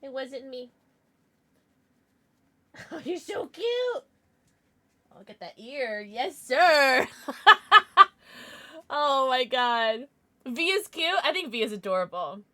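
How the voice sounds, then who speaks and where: A woman's voice: high-pitched, lively intonation, slow, pauses often, a bit bright. A woman streaming live, chatting casually with viewers and cooing over her pets. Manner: bubbly, coos over her pets, laughs often. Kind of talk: casual livestream chat.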